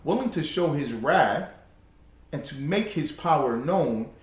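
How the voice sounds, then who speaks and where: Man, fiery preacher, mocking, fairly high voice, swings up and down a lot, heavy echo, distant mic. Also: lively intonation, unhurried. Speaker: religious teacher. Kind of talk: impassioned preaching commentary. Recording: very echoey, far from the mic.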